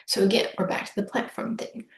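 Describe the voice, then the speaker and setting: A woman's voice: medium pitch, little pitch movement, fairly quick, vocal fry. A woman coach giving a casual, upbeat solo reading, chatty and often acting out what her clients might say. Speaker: human design business coach. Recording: echoey room with faint noise.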